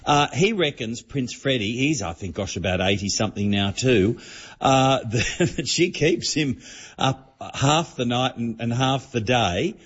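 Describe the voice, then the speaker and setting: A man's voice: medium pitch, lively intonation, measured pace, slightly rough. A man, telling celebrity gossip as an entertainment reporter on a radio show in a chatty, storytelling manner. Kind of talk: casual radio chat. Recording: dull lo-fi broadcast audio.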